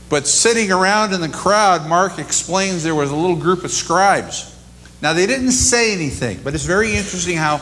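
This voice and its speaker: A man's voice: sits high, fairly bright tone. A man preaching a sermon and retelling scripture in a casual, storytelling way. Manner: conversational storytelling. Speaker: pastor.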